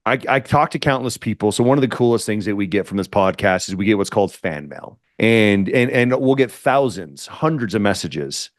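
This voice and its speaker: A man's voice: fairly low pitch, lively intonation, moderate pace, hardly any pauses, no echo, studio quality. A man hosting an interview podcast, fervent and faith-driven, often stumbling and repeating his words. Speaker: podcast host.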